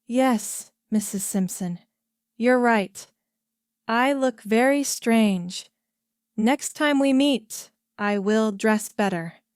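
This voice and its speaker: A courteous young prince speaks in a slow storybook voice, as a woman narrator reads his lines. His tone is gently amused and polite. The voice stays crisp and clear. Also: on the high side, no room sound, clean studio sound. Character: polite young royal prince, man of the people. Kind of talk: storybook dialogue.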